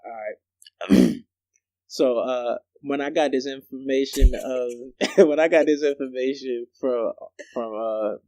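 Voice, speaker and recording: A young man co-hosting a podcast, telling stories in a slangy, animated way and laughing often. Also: mid-range voice, slow pace, no room sound. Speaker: podcast co-host. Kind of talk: casual chat.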